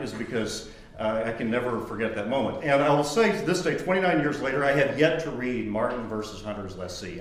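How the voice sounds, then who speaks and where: A man in his fifties, a lawyer, giving a conversational lecture that mixes law with personal anecdotes and bursts into high mimicry of his old professor. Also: a little hiss or hum. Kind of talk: lecture with storytelling. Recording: roomy echo.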